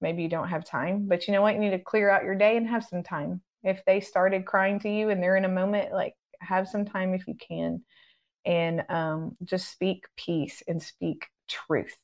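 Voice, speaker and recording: Calm, low-voiced woman teaching earnestly. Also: moderate pace. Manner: calm, earnest, instructive, acts out prayers. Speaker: guest minister on deliverance. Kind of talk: conversational teaching interview.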